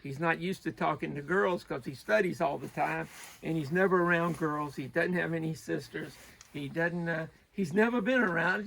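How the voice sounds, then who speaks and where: Man, bright edgy tone, rambling joke-teller, halting, laughs at himself. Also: fairly high pitch, creaky, poor audio. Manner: halting, restarts often, laughs at own jokes. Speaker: songwriter telling a joke. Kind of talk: rambling anecdotal joke-telling.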